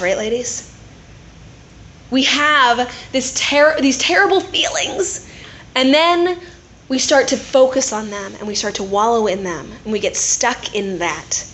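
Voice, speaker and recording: A woman giving a chatty, animated sermon to a gathering of women, often tossing in tag questions like "right?". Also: sits high, a little hiss or hum. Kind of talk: conversational sermon. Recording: roomy echo.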